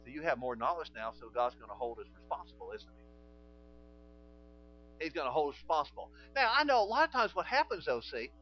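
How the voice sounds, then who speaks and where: A man preaching a sermon, telling stories and acting out conversations in quieter voices. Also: on the high side, brisk, dull audio, slight background noise. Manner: animated storytelling, acting out dialogue in quiet voices.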